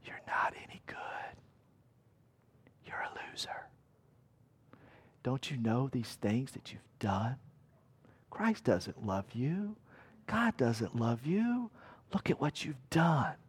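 A man voicing an accusing, nagging inner voice in a hushed whispered role-play, drifting away from the mic. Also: medium pitch, big pitch swings, slow, pauses often, breathy edge, voice pushed down, exaggerated voice.

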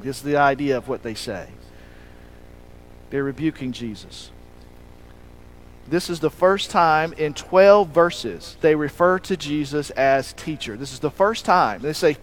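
A male pastor delivering a sermon in a fairly high voice. He tells the story with animated energy, acting out the lines he quotes. His delivery rises to loud emphasis and then drops to a hush. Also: moderate pace, low-quality recording.

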